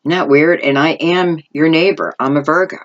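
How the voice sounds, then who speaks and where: A woman's voice: low-pitched, fairly even intonation, normal speed, highs cut off. Rambling middle-aged woman reading tarot. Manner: rambling, thinking aloud, lots of "I feel like" asides. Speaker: tarot reader. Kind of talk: intuitive tarot reading monologue.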